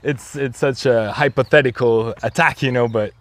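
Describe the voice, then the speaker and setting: A man's voice: mid-range voice, fairly even intonation, normal speed. A man from Quebec, a French speaker with a Quebec French accent, chatting as an interview guest and stopping often to search for English words. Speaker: guest, rapper and league organizer. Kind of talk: casual interview chat.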